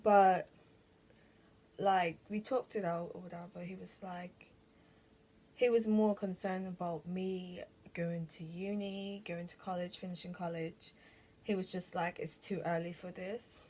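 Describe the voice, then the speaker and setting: A young woman telling a personal story to camera in a casual vlog, halting and full of "like" and restarts. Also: fairly low pitch, steady tone, warm tone. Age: young adult. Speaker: vlogger.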